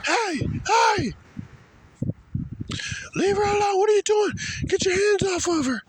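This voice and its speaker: A man mimicking an aggressive young boyfriend shouting at police officers. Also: very high voice, lively intonation, unhurried, background noise, pitched above the performer's own voice. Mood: yelling. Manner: shouting, bossy.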